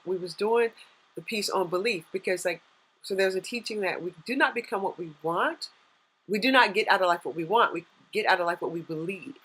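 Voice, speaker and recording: A woman in her thirties, a life coach giving an earnest, faith-based motivational talk on a live stream, with excited bursts. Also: medium pitch, breathy edge, rough recording.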